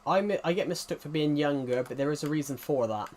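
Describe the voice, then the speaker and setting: A man's voice: on the high side, fast, a little mellow. A man chatting casually to viewers on a live game stream, rambling and repeating his phrases as he talks. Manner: talks directly to viewers as "guys". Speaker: gaming streamer.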